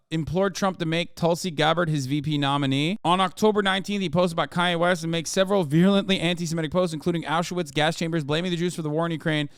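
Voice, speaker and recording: A man's voice: a little high, clean tone, no echo, studio quality. Ranting, profane male political streamer. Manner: ranting, swearing, reading aloud quickly then riffing. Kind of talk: profane political commentary and article reading.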